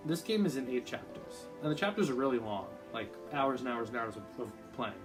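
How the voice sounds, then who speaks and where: Excitable man gushing over sad games. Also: medium pitch, brisk, over music. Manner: excitable, gushing, rambling with many fillers. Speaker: YouTuber. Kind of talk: casual gaming vlog.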